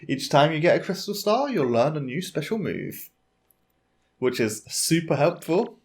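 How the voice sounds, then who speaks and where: A man's voice: on the high side, big pitch swings, a little slow, a little hiss or hum. A man giving casual, jokey gameplay commentary with laughing, rambling asides. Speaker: let's play host.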